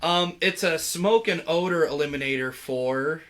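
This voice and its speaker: A young adult man chats casually as a guest on a livestream. He sounds easygoing and laughs often, with a bright, forceful voice pitched somewhat high. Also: unhurried, a little hiss or hum. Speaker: production manager guest.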